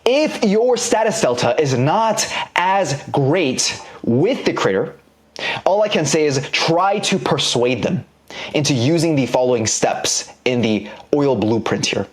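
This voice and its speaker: A man's voice: a little high, animated, unhurried. A man teaching an online business course in a casual, slangy lecture style, explaining ideas by drawing examples on a board.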